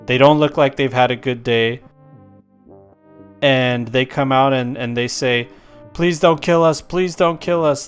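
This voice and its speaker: Smooth-voiced male game master. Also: mid-range voice, a bit bright. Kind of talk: narrating a tabletop game.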